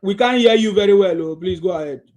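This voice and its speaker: A Nigerian man hosting a live call-in show, arguing hard with callers and circling back to the same point again and again. His voice sits high for a man. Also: fast, darkish tone. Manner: combative, repeats himself. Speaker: host. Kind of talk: heated live call-in chat.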